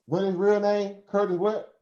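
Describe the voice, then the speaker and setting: A man's voice: high voice, little pitch movement, normal speed, mellow. Southern American man preaching on a live stream. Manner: preachy, rhetorical questions, laughs often. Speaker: host. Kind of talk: casual live stream talk. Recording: roomy, dull lo-fi stream audio.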